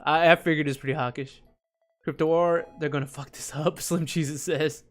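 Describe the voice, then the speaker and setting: A man's voice: on the high side, fairly even intonation, normal speed, faint music behind. A young man hosting a casual live stream, hyped and greeting viewers by name. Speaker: livestream host.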